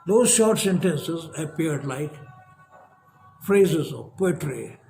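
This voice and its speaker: Slow, measured male lecturer. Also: on the high side, expressive, vocal fry, warm tone, soft background music. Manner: measured, emphatic, with long pauses. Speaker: professor.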